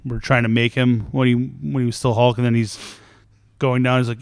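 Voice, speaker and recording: A male podcast guest telling stories animatedly and acting out the quotes. His voice is clear and smooth. The recording is dry and close to the mic. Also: medium pitch, fairly quick, no echo. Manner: animated storytelling with acted-out quotes. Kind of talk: casual chat.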